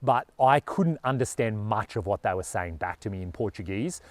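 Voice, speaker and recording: A man's voice: on the low side, expressive, moderate pace, dry recording. A man with an Australian accent talking earnestly and casually to camera as a travel vlogger, with a lot of "you know".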